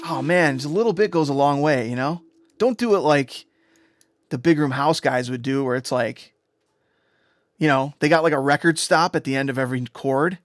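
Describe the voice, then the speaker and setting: Male music producer streaming, higher-pitched, excitable and rambly, profane, dry mic. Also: moderate pace, no echo. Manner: rambling, excitable, profane, tags "right?" and "you know?". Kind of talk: casual livestream explanation.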